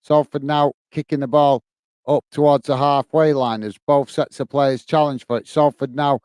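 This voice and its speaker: A Northern Irish man hosting a live football watch-along, moving between play-by-play and easy chat with his viewers. His voice is smooth and resonant and sits at a middle pitch. The recording is dry and close, with no room sound. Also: fairly even intonation, normal speed, a little mellow, no echo. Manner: friendly and chatty, often says "mate" while reading viewer comments.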